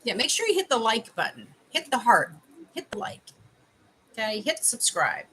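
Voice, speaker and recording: A woman's voice: on the high side, huge pitch swings, normal speed, fairly bright tone, a little hiss or hum, poor audio. A middle-aged woman from Canada doing a casual livestream as a life coach, chatting with viewers while tasting candies and giving advice.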